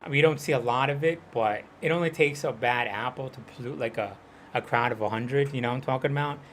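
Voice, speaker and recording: A man's voice: medium pitch, quick pace, fairly bright tone, a little hiss or hum. A man from Hawaii chatting loosely while streaming a game, rambling and full of fillers. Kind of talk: casual chat while gaming.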